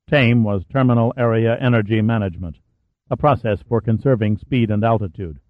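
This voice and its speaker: A man narrating a scripted audiobook in a steady, dramatic way, on a tinny, dry recording. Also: lowish voice, a little fast, no echo. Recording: tinny phone-like sound, dry.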